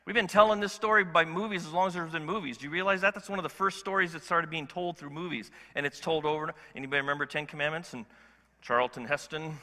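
A male pastor preaching a sermon in an animated, conversational way, asking the congregation questions. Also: on the high side, fast, big-room sound. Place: church sanctuary.

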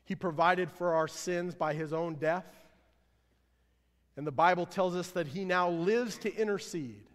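A man preaching a sermon as pastor, earnest, swelling louder then dropping low at line ends. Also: unhurried. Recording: long hall reverb.

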